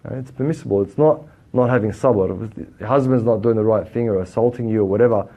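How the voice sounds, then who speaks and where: A man with an Australian accent teaching a religious lesson, lively and full of rhetorical questions, rising loud then dropping quiet. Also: on the low side, fast. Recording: dull lo-fi recording.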